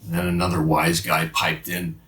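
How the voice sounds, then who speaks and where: A man playing the apostle Peter as a remorseful fisherman, confessing haltingly in a dramatic monologue with many restarts. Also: low voice, monotone, fairly bright tone. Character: remorseful male fisherman apostle, middle-aged, haunted by guilt. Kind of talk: dramatic first-person monologue. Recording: roomy sound from a distant mic.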